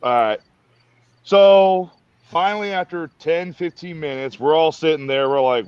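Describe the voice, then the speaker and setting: A man's voice: a little high, measured pace, smooth, dry recording, highs cut off. A man telling a profane army story in casual podcast chat. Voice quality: profane, animated.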